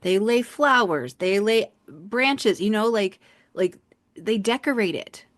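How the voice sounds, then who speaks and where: A woman co-hosting a podcast, talking frankly and with lots of swearing in a casual, animated chat. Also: medium pitch, takes it slowly, no room sound. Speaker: podcast co-host.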